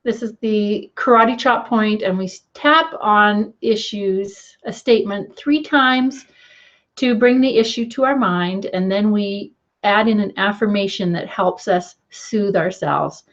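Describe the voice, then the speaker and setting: A middle-aged woman leads a tapping lesson at a steady middle pitch. She is gentle and encouraging and keeps checking in with the listener. The recording is slightly dull and lo-fi. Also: unhurried. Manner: gentle, encouraging, repeats "okay". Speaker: tapping coach.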